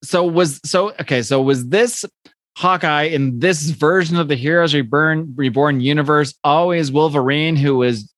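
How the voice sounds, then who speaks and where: A man's voice: a little high, normal speed, dry recording. A chatty man co-hosting a podcast, asking questions and restarting his sentences as he thinks aloud. He is recorded close and dry, with no room sound. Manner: chatty, asks questions with many restarts and fillers. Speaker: podcast co-host. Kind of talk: casual chat.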